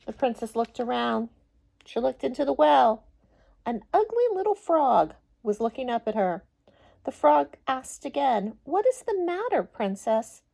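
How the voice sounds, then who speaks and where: Slow, gentle woman reading a storybook. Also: a little high, vocal fry. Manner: slow, gentle and expressive, chatting with young listeners. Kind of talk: reading a picture book aloud to children.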